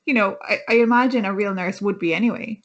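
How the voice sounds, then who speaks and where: A woman on a casual film review podcast, speaking in a relaxed, matter-of-fact way. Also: medium pitch, quick pace, dull audio.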